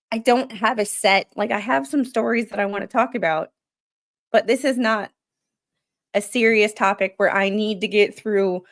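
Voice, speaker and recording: A laid-back woman hosts a late-night live stream from home, talking straight to her viewers in an easygoing way. She laughs easily and drifts from one tangent to the next. Her voice sits at an ordinary middle pitch. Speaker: streamer hosting a live reaction show. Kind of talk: casual live-stream chat, reading stories and greeting viewers. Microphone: streaming microphone.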